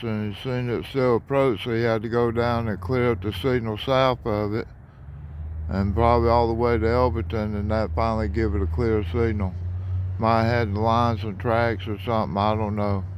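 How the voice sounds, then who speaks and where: A man, talking casually in a flat, monotone way while filming trains outdoors on a phone. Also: mid-range voice, a little hiss or hum. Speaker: railfan vlogger. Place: outdoors by railroad tracks at dusk.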